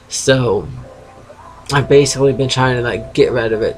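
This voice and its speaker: A man in his thirties, his East Coast US accent fading, records a rambling video diary at home beside his computer while feverish and sedated. He talks frankly, swears casually and keeps interrupting himself in this confessional vlog. His mid-range voice moves at a normal speed over a rough recording with slight background noise.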